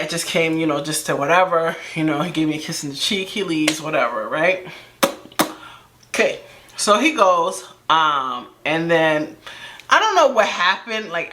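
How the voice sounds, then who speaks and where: A woman's voice: on the low side, noisy background. A woman vlogger telling a personal story in casual, slangy chat, full of asides and rhetorical questions.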